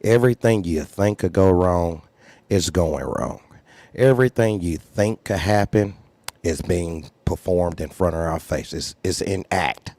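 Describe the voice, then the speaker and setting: A man's voice: low voice, measured pace, darkish tone, no echo. A man who hosts a trucking channel, talking unscripted with earnest, preachy advice and repeated phrases. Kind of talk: unscripted livestream talk.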